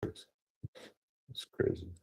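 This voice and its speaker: A man's voice: slow pace, dark tone. A man rambling through a casual screen-share walkthrough, thinking aloud with many fillers and restarts. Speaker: solo streamer.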